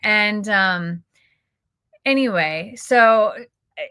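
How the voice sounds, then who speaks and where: Chatty bright-voiced woman. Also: mid-range voice, expressive, drawn-out words, clean tone, no room sound. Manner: chatty, emotional, quotes people in her stories. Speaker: YouTuber. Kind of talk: casual storytelling vlog.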